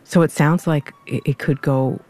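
A man's voice: a little high, steady tone, moderate pace, a little mellow, soft background music. A man hosting an interview, guiding the talk with clarifying questions for listeners. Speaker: interview host. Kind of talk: conversational interview.

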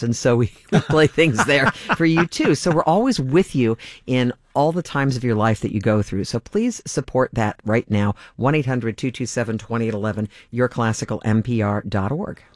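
A man in the middle of a radio pledge drive, talking in an easygoing, rambling way that keeps circling back on itself. His voice sits at an ordinary pitch. The studio sound is close and dry, with no room around it. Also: no echo. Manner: chatty, restarts sentences, laughs easily. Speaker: radio host. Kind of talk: on-air fundraising appeal. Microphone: studio microphone.

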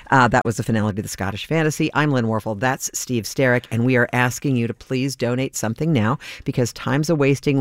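A male radio host chatting warmly with his co-host and asking listeners to donate during a pledge drive. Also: mid-range voice, no room sound, clean studio sound. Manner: chatty, friendly appeals to listeners. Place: radio studio.

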